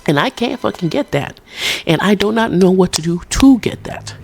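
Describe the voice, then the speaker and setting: A woman talks off the cuff in a rambling, profane rant, blunt and quick to mock herself. Her voice sits at an ordinary middle pitch but carries a strong gravelly fry, with faint music playing behind her. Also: animated, a little mellow. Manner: rambling, profane, self-deprecating; blunt and frank. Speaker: PNGtuber vlogger.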